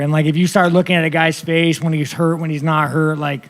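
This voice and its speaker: A man's voice: fairly high pitch, little pitch movement, brisk. A man, a fighter at a press conference, answering questions in a blunt, profane, rambling way.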